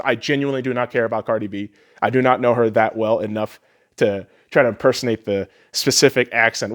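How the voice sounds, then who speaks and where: A man's voice: medium pitch, a bit bright. A man hosting a podcast, ranting heatedly and sarcastically, swearing often. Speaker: podcast host. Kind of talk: profane solo rant.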